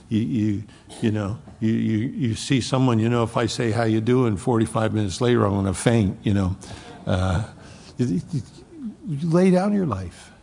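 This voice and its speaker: A man preaching a sermon, swinging from loud emphasis to hushed near-whispers. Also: lowish voice, big-room sound. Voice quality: gravelly, husky voice. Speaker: pastor.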